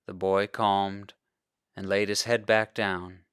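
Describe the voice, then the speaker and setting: A male pastor reading a children's storybook aloud, narrating in an expressive way. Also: on the low side, slow, clear, resonant tone, no room sound, studio quality.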